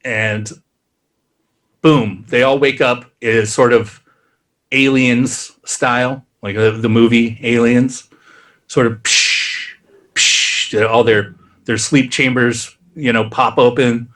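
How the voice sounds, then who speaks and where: Male podcast co-host, casual and rambling, tosses in quick character voices. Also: medium pitch, fairly even intonation, fairly bright tone. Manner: rambling, acts out characters' lines in quick asides. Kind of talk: casual plot recap.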